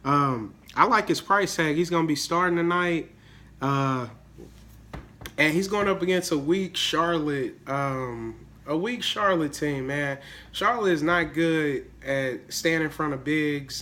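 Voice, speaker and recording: This daily fantasy sports video host is a young man who's a little sick, giving casual solo commentary in a bright, forceful, slightly high voice. He takes it slowly but stays hyped and slangy, repeating words and saying "man" a lot.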